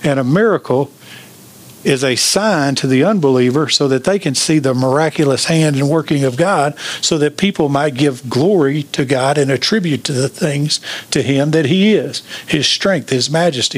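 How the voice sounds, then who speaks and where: A pastor preaching an emphatic sermon, asking the congregation questions. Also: male voice, fairly high pitch, moderate pace.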